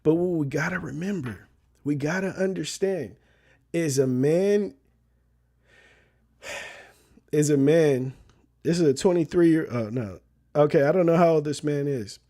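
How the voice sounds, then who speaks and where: A man's voice: fairly high pitch, a little slow, long pauses, dark tone. A young man vlogging in a loose, slang-filled way, retelling a story as casual commentary and often checking in with "you know what I mean".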